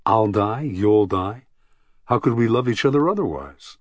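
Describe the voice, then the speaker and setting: A man reading an audiobook, voicing a thin, gentle philosopher in an earnest, reflective way. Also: lowish voice, expressive, a little slow, dry recording.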